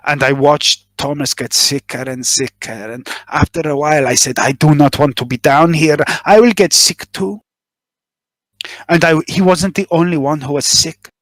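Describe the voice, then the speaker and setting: A man voicing a nervous middle-aged body smuggler in a tabletop game, confessing in a halting, self-justifying way. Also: medium pitch, a bit bright, no room sound, close to an everyday voice. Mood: uneasy. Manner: halting, eager to justify himself.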